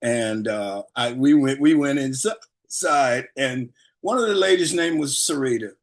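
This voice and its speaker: An older man, a guest speaker, tells stories to a group in a relaxed, rambling way and chuckles often. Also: mid-range voice, measured pace. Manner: relaxed, rambling delivery with fillers. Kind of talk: storytelling anecdotes to a group.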